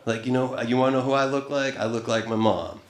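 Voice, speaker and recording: A man's voice: medium pitch, fairly even intonation, quick pace. A man doing wry, profane stand-up comedy storytelling on a club stage into a handheld mic. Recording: echoey live club room.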